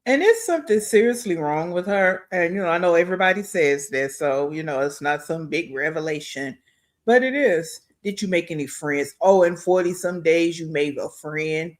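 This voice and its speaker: A man's voice: on the high side, expressive, normal speed. A man giving blunt, scornful commentary as host of a reaction video.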